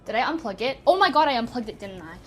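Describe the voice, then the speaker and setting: A woman's voice: fairly high pitch, big pitch swings, fast talker, soft background music. A young woman live-streaming from home in a casual, scatterbrained and giggly way. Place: at home by a walking pad.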